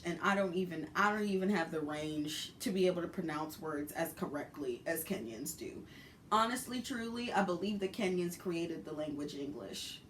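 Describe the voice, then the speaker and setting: A woman from Brooklyn, telling a story in a dramatic, profane, animated way. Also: lowish voice, distant mic, slight background noise. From Brooklyn, New York. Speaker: vlogger. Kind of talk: storytime vlog.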